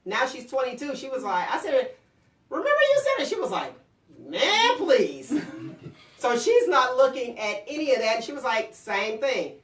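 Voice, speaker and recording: A woman hosting a casual talk show, telling lively stories about her children and acting out their lines. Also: fairly high pitch, normal speed, recorded from a distance. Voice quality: lively storyteller, acts out quotes. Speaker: host. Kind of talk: casual chat. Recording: roomy, off-mic.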